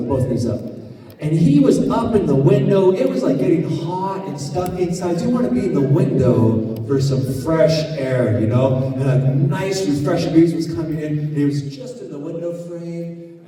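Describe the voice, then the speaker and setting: A man teaching storytelling to a live group, playful and animated, constantly shifting his voice from loud to hushed. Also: fairly high pitch. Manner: animated, playful, lots of voice changes. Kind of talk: workshop talk with acted storytelling. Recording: echoey hall from far off.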